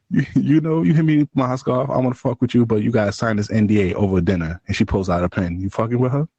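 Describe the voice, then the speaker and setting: A man's voice: fast talker, no echo, muffled recording. A man co-hosting a casual podcast, trading crude jokes and breaking into laughter as he teases. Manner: laughing, teasing, lively swings in pitch. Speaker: podcast co-host.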